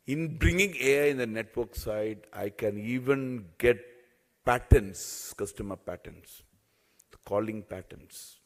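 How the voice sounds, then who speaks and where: A man's voice: fairly low pitch, a little mellow. A man, speaking as a telecom executive in a panel talk, earnest and often repeating or restarting his phrases.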